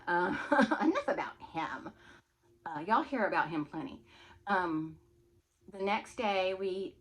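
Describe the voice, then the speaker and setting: Woman vlogger, casual storytime, animated and chatty, laughs a lot. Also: lowish voice.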